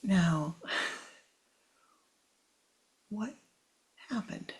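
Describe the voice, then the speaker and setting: A woman spiritual teacher giving a talk in a soft, half-whispered delivery. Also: medium pitch, animated, drawn-out words. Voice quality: husky, gravelly.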